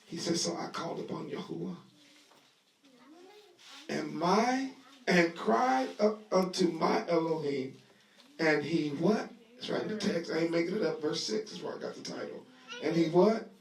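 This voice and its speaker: A man teaching a Bible lesson to a live audience in a lively sermon style, talking conversationally, acting out scenes, and leading call-and-response. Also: fairly high pitch, normal speed, pauses often. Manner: conversational, acts out scenes with voices. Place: room at a live gathering. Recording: echoey live room audio, voice distant.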